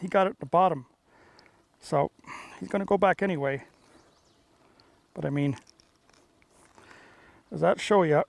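Excitable fishing host. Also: male voice, a little high, unhurried, vocal fry, pauses often. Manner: excitable, salesy, punchy phrases. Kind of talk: on-the-water fishing commentary. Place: outdoors on a boat on a lake.

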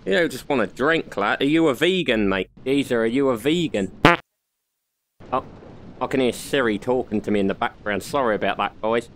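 A man's voice: mid-range voice, animated, moderate pace. A young man giving crude, joking commentary while playing a VR horror game. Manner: joking, crude banter, frequent laughs. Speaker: gaming video host. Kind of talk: comic let's-play commentary.

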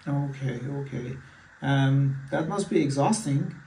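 A man acting as a doctor for a simulated patient visit speaks slowly in a warm, mid-range voice, hesitating with many fillers and restarts. Slight background noise accompanies the far-off mic in an echoey room.

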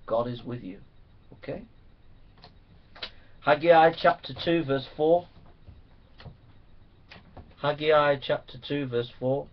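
A man's voice: a little high, slow pace, pauses often. A man preaching a sermon to pastors, reading scripture and urging them on with fervent, rising exhortation. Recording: dull lo-fi recording.

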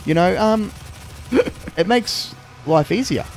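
A man's voice: high voice, animated, takes it slowly, a little mellow, a little hiss or hum. A young man co-hosting a game video in casual, rambling chat, swearing freely. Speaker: let's play co-host.

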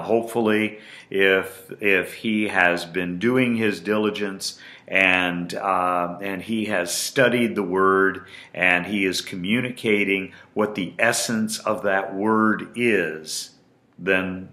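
A male pastor preaching a sermon in a deliberate, emphatic way, repeating phrases for weight. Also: low-pitched, bright, forceful tone. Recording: roomy echo.

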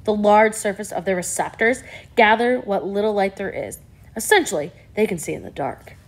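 Excitable male scientist, lecturing tone, voiced by a woman narrator. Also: mid-range voice, normal speed, natural voice. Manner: explanatory, lecturing.

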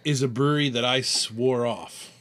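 A man co-hosting a podcast talks casually about the beers they're tasting, wandering through his thoughts, chuckling and fixing his own words. His medium-pitched voice is steady and a bit bright, at a normal speed.

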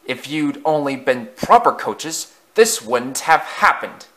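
A man's voice: mid-range voice, expressive, takes it slowly, fairly bright tone, voice pushed up. A man doing a sneering, haughty steam engine. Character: arrogant boastful male steam engine.

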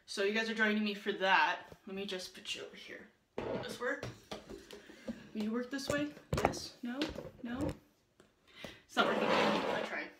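A young woman vlogger chats casually to her viewers while doing chores, sounding a bit out of breath. Her mid-range voice moves at a moderate pace with long pauses, and she is talkative and self-deprecating, speaking to viewers directly. Filmed on a phone camera on a selfie stick at home and then in a car, the audio carries background noise.

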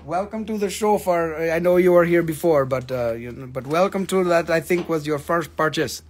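A man hosting a live stream that sells crystals, talking in an excitable, joking, profane and rambling sales patter. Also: on the high side, normal speed.

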